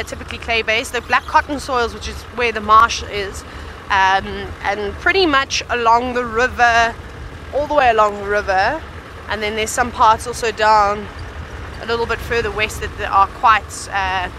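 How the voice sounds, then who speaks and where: A woman guide talking viewers through a live safari drive from an open vehicle. Her voice is bright and clear. She chats easily, explaining what she sees and thinking aloud as she goes. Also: a little high, slight background noise. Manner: chatty, informative, thinks aloud.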